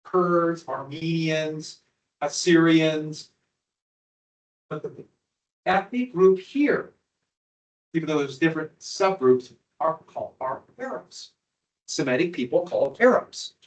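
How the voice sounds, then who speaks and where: A man's voice: fairly high pitch, takes it slowly, long pauses, poor audio. A man teaching a history class over maps and slides, chatty, with asides and rhetorical questions to his students.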